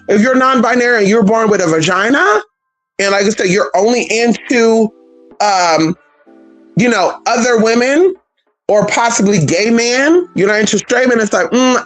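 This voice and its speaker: A woman vlogger with a medium-pitched voice delivers a casual, opinionated monologue on a rough recording. She's sassy, blunt and profane, calling listeners "honey" and "girl" while talking back to imagined critics.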